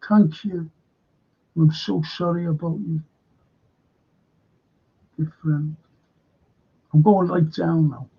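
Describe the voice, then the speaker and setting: A man's voice: a little high, steady tone, slow pace, creaky, pauses often, slightly rough, highs cut off. An older man with a Liverpool accent hosting a livestream, chatting casually and rambling through anecdotes while reading out viewer comments. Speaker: livestream host.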